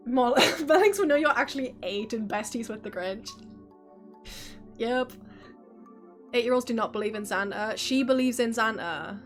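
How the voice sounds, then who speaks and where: A woman's voice: a little high, lively intonation, a little slow, pauses often, soft background music. A woman in her early twenties chatting casually on a live stream, telling stories with frequent laughs and swearing.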